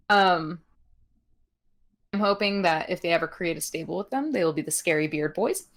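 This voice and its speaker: A woman's voice: lowish voice, moderate pace, pauses often. A young woman co-hosting a podcast, recapping wrestling in casual chat with lots of ums and giggles. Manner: chatty with many ums, giggles, animated voices in quotes. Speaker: podcast co-host.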